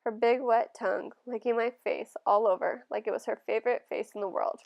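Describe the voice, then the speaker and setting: A woman reads a first-person novel aloud in a gentle, steady way. Her voice sits somewhat high with a gravelly, creaky edge. The telling stays calm and even. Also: brisk, muffled recording. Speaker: audiobook reader.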